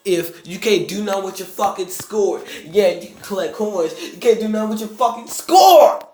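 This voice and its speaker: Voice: mid-range voice, animated, moderate pace, a little mellow, echoey room, a little hiss or hum. A game reviewer ranting in exasperated, profane commentary while playing, with sudden outbursts.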